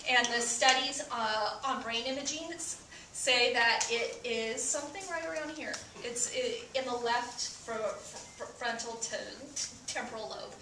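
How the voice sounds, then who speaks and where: A woman's voice: on the high side, unhurried, roomy sound, distant mic, noisy background. Stuttering woman doing stand-up. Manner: stutters with frequent repeated sounds. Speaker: stand-up comedian. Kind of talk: stand-up comedy set. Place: stage before a live audience.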